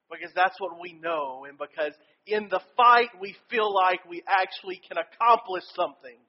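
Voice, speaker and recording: A man's voice: very high voice, lo-fi sound. A male pastor giving a sermon and telling a personal story in an earnest way.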